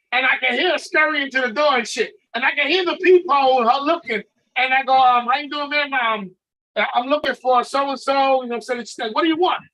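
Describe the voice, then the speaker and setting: Bright-voiced man telling a rowdy story. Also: very high voice, low-quality recording. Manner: animated, profane, acts out dialogue. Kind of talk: casual storytelling.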